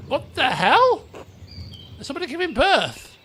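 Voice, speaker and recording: A man's voice: sits high, big pitch swings, normal speed, noisy background. A man with a British accent, casually commenting on a video game and reading its dialogue aloud with some drama. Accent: British English. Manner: chatty and rambling, turning dramatic when reading lines aloud. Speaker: let's play host. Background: game music.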